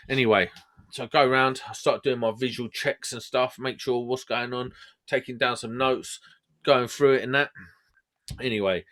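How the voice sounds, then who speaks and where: A man's voice: medium pitch, steady tone, normal speed, fairly bright tone. A man hosting a podcast, telling stories in casual, laddish banter. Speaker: podcast host. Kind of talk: casual storytelling chat.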